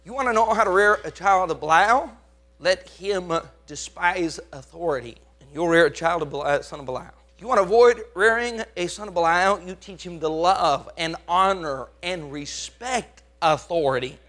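High, bright-voiced preacher man. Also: moderate pace. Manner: emphatic, swinging from hushed to loud; asks the congregation questions. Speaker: pastor. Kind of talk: preaching a sermon.

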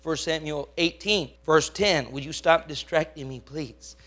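High, bright-voiced preacher man. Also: measured pace. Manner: emphatic, swinging from hushed to loud; asks the congregation questions. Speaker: pastor. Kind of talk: preaching a sermon.

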